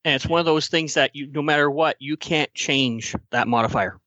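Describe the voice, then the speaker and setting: A man's voice: a little high, normal speed, sharp tone, dry recording, highs cut off. A man co-hosting a podcast, adding brief, matter-of-fact remarks to a casual discussion. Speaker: podcast co-host.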